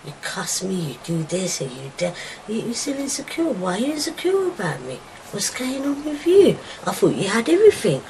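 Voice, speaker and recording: A middle-aged woman giving a raw, emotional personal account to her daughter, swearing and acting out old arguments, swinging from loud outbursts to hushed whispers. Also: mid-range voice, background noise. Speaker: mother telling her daughter her story.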